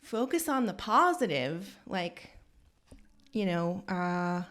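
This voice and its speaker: A woman who owns a hair salon, hosting a podcast and telling a rambling, animated, self-deprecating story from inside her salon. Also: on the low side, slow pace. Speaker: salon owner and podcast host. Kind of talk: casual storytelling monologue.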